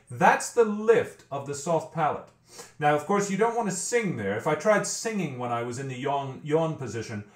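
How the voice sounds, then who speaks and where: A man's voice: fairly high pitch, echoey room. A man teaching a vocal training lesson, explaining step by step and often repeating words as he thinks. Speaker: vocal coach.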